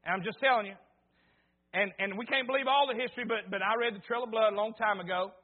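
Male preacher, very high voice, folksy stammering storyteller, tinny phone-line sound. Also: steady tone, fast. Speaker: pastor. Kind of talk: sermon with personal story.

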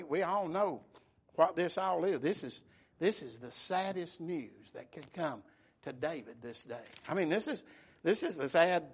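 A male preacher with a slightly high voice delivers a sermon in a folksy, conversational way. He repeats his words as he goes and moves between loud, stressed phrases and quiet, hushed ones.

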